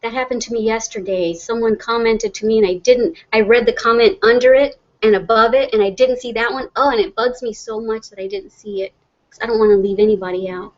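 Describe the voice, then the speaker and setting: A middle-aged woman with a drawl chats through a casual livestream, reading comments aloud and rambling with plenty of laughs. Her voice sits a little high, and the audio comes through somewhat dull and muffled. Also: steady tone, fairly quick. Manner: chatty and rambling, laughs often. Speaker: livestream host.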